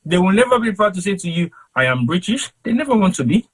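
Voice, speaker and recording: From a cold home in London, a Sierra Leonean man with a Krio accent delivers impassioned panel commentary in an emphatic, rhetorical, preacher-like style. His voice is a little husky and somewhat high, his delivery rapid-fire, and the audio poor.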